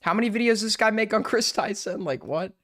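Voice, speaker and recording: Higher-voiced man streamer, sarcastic. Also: expressive, quick pace, fairly bright tone. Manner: sarcastic, reads chat aloud and mocks it. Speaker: streamer host. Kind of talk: casual live-stream chat.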